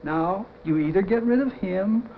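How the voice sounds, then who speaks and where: A pompous little company president, quick to blow up and roaring threats in a high, strained voice, as a man acts him out. The sound is dull and lo-fi, like an old 1950s television broadcast, with a faint hiss underneath. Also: animated. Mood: blustering. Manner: shouting, blustering threats.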